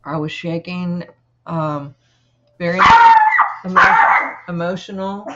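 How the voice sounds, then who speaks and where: A woman guest telling a personal story in an interview, earnest and halting, with many pauses. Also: lowish voice, steady tone, lo-fi sound, very noisy.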